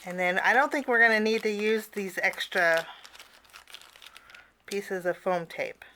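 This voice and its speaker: A woman's voice: medium pitch, measured pace, sharp tone, slight background noise. A woman teaching a casual cardmaking tutorial, chatty, with personal asides and frequent fillers.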